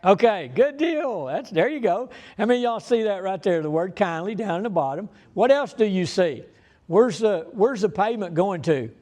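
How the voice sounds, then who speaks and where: A man's voice: high voice, lively intonation, normal speed, darkish tone. A man giving an informal business presentation on fraud to an audience, speaking in a folksy, emphatic, repetitive way. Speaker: bank fraud manager presenting to business owners. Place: meeting room before an audience.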